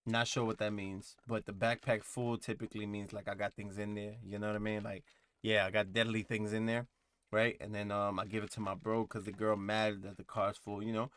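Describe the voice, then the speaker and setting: A man's voice: on the low side, little pitch movement, fairly quick, a bit bright, clean tone. Rambling man reacting to music. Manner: rambling, thinking aloud with many fillers. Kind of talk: casual reaction commentary.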